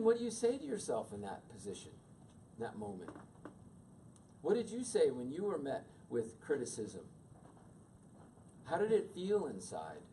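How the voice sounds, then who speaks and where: Animated man telling a story from afar. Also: mid-range voice, measured pace, long pauses, a little hiss or hum. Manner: animated, conversational. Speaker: workshop speaker. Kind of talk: storytelling talk to an audience. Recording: distant mic with faint room ambience.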